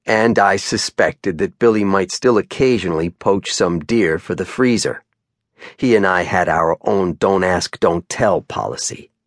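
A male audiobook narrator with a lowish voice reads a crime novel in first person. His delivery is measured and even, recorded close on a very dry studio mic. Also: no echo.

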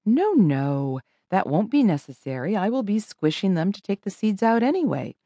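A woman voicing a kindly, composed older woman who speaks gently and motherly. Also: mid-range voice, big pitch swings, normal speed, no echo. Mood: gracious.

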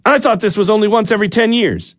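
A man's voice: sits high, quick pace, no echo, clean studio sound, pitched above the performer's own voice, close to an everyday voice. A man reading an audiobook, voicing a busy, skeptical housewife who sounds impatient. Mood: annoyed. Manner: impatient, questioning. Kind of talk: audiobook character voice.

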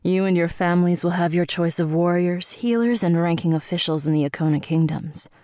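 A woman voicing a manipulative female elder who is ancient and calculating, speaking in a smooth, persuasive way in an audiobook. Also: on the low side, steady tone, a little fast, warm tone, dry recording, clean studio sound, natural voice.

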